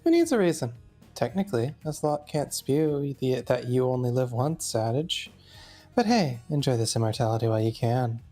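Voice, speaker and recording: A woman's voice: a bass voice, sing-song, normal speed, warm tone, soft background music, heavily acted. Woman reading as Odette, brash young brawler. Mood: taunting. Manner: blunt, taunting, slangy. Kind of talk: visual novel read-along.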